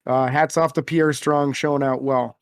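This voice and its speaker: A young man co-hosting a casual sports podcast, talking energetically and quick to exclaim. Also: mid-range voice, steady tone, dry recording, clean studio sound. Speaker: podcast co-host.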